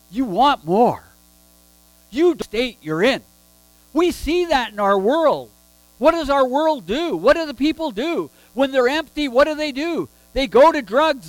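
A man's voice: very high voice, dry recording, poor audio. A man preaching a sermon, emphatic and full of rhetorical questions.

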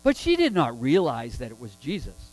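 A man's voice: mid-range voice, wildly swooping pitch, fairly quick, dry recording, poor audio. A man preaching a sermon, emphatic and full of rhetorical questions.

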